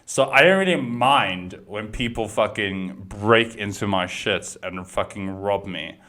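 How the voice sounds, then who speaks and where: A man's voice: fairly low pitch, measured pace, pushed and bright, voice pushed down. A man doing a comic impression of a laid-back, smug male movie star who drawls dismissively and swears casually. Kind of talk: comic impression in a rant video.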